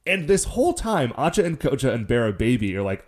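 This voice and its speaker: A man's voice: mid-range voice, sing-song, a little fast, hardly any pauses, a little mellow. A male podcast co-host recapping a story in casual chat, with dry teasing asides and "like" fillers.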